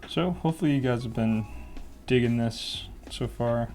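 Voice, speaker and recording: A man's voice: medium pitch, normal speed, soft background music. Laid-back man talking through drawing. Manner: relaxed, rambling, laughs often. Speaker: cartoonist teaching drawing. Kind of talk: casual drawing tutorial.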